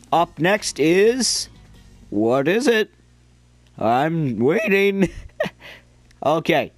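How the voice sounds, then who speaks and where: A man's voice: on the high side, no room sound. A young man rambling and joking through casual gameplay commentary as a gaming video creator.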